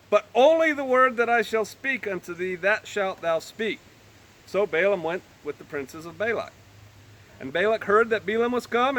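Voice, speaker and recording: A man's voice: sits high, a bit bright. A man reading old-fashioned scripture aloud and breaking off into joking, everyday asides as a Bible teacher. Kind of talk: scripture reading with casual commentary.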